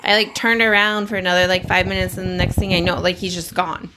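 A woman co-hosting a casual podcast, telling stories in a sarcastic, swearing, lively way. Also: lowish voice, quick pace, noisy background. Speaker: podcast co-host. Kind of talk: casual chat.

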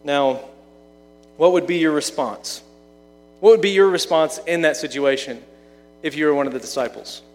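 A man preaching a sermon in a relaxed, conversational way, asking the listeners questions. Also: on the high side, normal speed, pauses often, in a large hall. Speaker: pastor.

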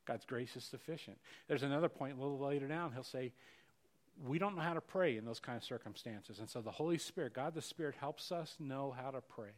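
A middle-aged male pastor with a mid-range voice preaches a sermon earnestly. He repeats words and swings between loud rises and quieter passages.

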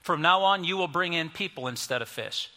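A man in his fifties preaching a sermon, storytelling and moving between soft, quiet passages and emphatic ones. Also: on the high side, animated, fairly quick. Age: 50s. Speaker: pastor. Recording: music under voice, long reverb.

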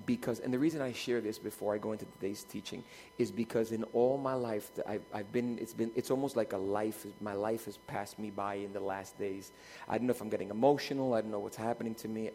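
Pastor preaching in a reverberant hall. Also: male voice, medium pitch. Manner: conversational, repetitive, building to emphatic calls. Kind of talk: sermon. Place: church auditorium. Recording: long church hall reverb.

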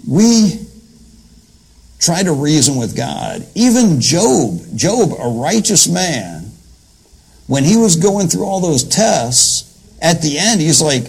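A man's voice: fairly high pitch, sing-song, a little slow, vocal fry, slightly rough, low-quality recording. A man preaching a conversational sermon, retelling scripture in plain, folksy everyday talk.

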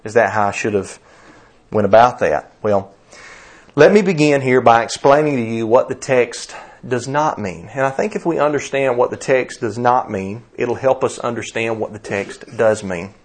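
A man's voice: medium pitch, normal speed. A man in his thirties, a pastor preaching a conversational sermon, telling stories and asking rhetorical questions, often restarting his words.

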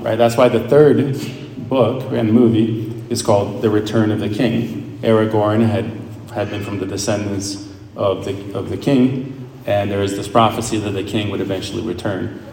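A man's voice: lowish voice, slight background noise. A man, a Catholic priest, giving a conversational homily with asides and self-corrections. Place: church. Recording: echoey church with long reverb.

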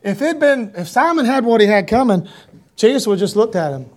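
A man's voice: sits high, brisk. A man preaching a sermon, quoting King James scripture and building to fervent cries. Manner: animated preaching, reading scripture in King James wording, rising to shouts.

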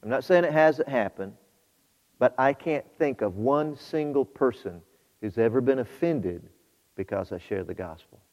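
A man's voice: mid-range voice, expressive, normal speed. Fervent male preacher in an echoing hall. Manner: swings from quiet storytelling to loud, fervent exhortation. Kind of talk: sermon. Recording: muffled hall with long reverb.

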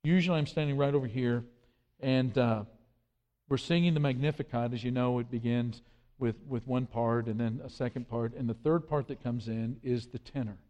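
A man's voice: medium pitch, normal speed, dark tone, lo-fi sound. A man preaching a sermon with earnest emphasis, quoting scripture and often repeating his words. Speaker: pastor. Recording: long hall reverb.

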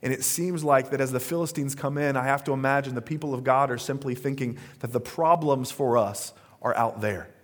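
A man's voice: mid-range voice, fairly quick, hardly any pauses. Casual, chatty man preaching a sermon. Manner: conversational storytelling with frequent fillers and asides. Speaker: pastor.

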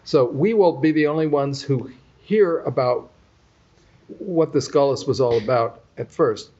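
A man with a husky voice, asking questions in a Torah study discussion. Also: medium pitch, unhurried, mellow. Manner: questioning, asks for clarification. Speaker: study partner. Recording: dull lo-fi recording.

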